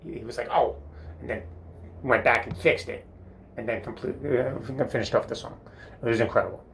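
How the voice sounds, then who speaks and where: Brisk and creaky, with a medium pitch and a fairly bright tone, an older man spins meandering comic stories about school. He chuckles at himself and uses plenty of fillers. He's in a bathroom, and there's slight background noise.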